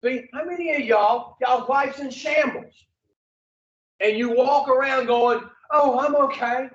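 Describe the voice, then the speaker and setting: A man's voice: extremely high pitch, a little slow. A man leading an addiction recovery group, lecturing bluntly and profanely and firing rhetorical questions at the room. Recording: distant, echoey, dull room recording.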